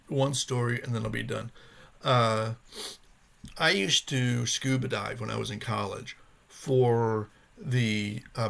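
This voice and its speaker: Male vlogger, middle pitch, gravelly fry, earnest and rambling personal talk. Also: fairly bright tone. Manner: earnest, rambling, searching for words. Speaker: vlogger sharing his recovery journey. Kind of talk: casual personal vlog talk.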